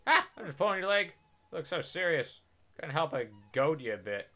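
A man reading game dialogue aloud as an excitable old male villager who is jumpy and teasing, with shrill shouting bursts. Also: brisk.

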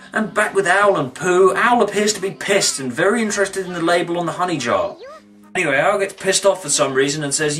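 A man narrating a comic review with mock-dramatic flair and sudden over-the-top outbursts. His voice is bright and sits a little high. The mic sounds slightly distant, with faint music underneath. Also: fairly quick. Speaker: video reviewer. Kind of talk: comic commentary.

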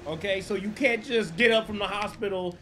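A man's voice: high-pitched, fairly quick, bright, forceful tone, a little hiss or hum. A man streaming a roleplay game, chatting casually, swearing freely and explaining rules to other players. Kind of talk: casual livestream chat.

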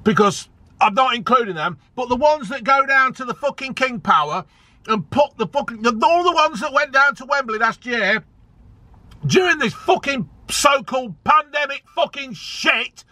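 A man's voice: extremely high pitch, animated, moderate pace, bright, forceful tone, no room sound. A man ranting angrily as a football fan vlogger, swearing a lot and repeating himself for emphasis. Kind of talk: angry ranting vlog.

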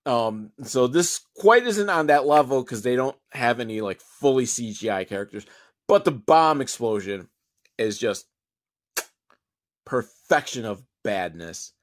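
A man's voice: fairly high pitch, a bit bright. Sarcastic, rambling male movie reviewer. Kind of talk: casual comedic movie recap.

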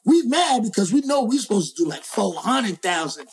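Animated, slangy male rapper telling stories. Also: sits high, normal speed, gravelly, slightly rough. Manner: slangy, profane, acts out quoted voices. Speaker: interview guest, rapper. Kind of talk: animated storytelling.

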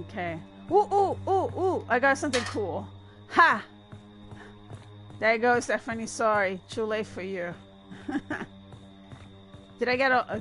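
A woman giving chatty, excitable gameplay commentary and laughing often. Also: medium pitch. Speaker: gamer.

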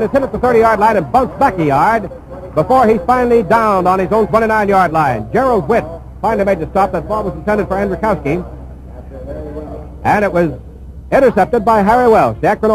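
A man giving live radio play-by-play of a football game, calling each play in a brisk, steady flow. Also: sits high, a crowd in the background, rough recording. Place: press box at a stadium.

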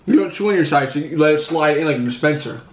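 A man's voice: on the high side, animated, fast. A man at home, teasing and lecturing his partner in casual chat. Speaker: vlogger's partner. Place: home, indoors. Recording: echoey room, faint noise.

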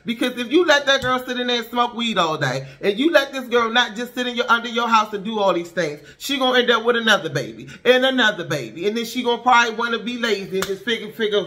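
A woman's voice: on the high side, fast talker, few pauses, bright, forceful tone. Blunt, preachy woman vlogger sounding off. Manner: preachy, rhetorical and blunt, with slangy asides. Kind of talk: impassioned casual commentary monologue.

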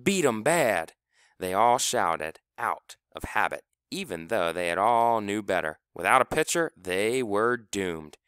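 A man reading a story aloud as narrator, lively and expressive, acting out characters. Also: lowish voice, a little slow, few pauses, clean tone, no room sound, clean studio sound. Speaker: audiobook narrator. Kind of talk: scripted narration.

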